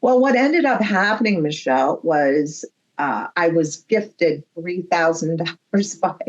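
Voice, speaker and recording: A woman medium, a guest on a podcast, telling a story in an animated way and acting out the dialogue. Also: lowish voice, measured pace, lo-fi sound. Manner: animated storyteller who acts out quoted dialogue.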